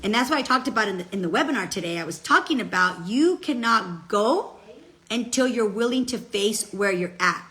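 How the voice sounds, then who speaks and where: Bright-voiced woman giving a pep talk. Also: mid-range voice, expressive, moderate pace. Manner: chatty, emphatic, peppers speech with "okay?" and "guess what"; switches into Spanish phrases mid-sentence. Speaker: motivational speaker. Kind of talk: casual motivational talk.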